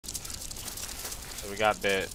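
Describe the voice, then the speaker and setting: A man giving a halting, filler-filled explanation during a survival game tutorial. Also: lowish voice, level tone, bright, forceful tone. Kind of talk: casual gameplay tutorial commentary. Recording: game ambience noise behind. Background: jungle game ambience.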